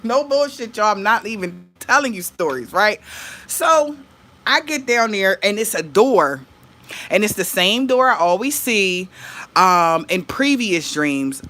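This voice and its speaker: A woman recounts a story straight to her viewers. She talks in a loose, chatty way, acts out the dialogue and swears freely. Her voice is bright and forward. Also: on the low side. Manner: animated, laughing, swearing, acting out dialogue. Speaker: vlogger.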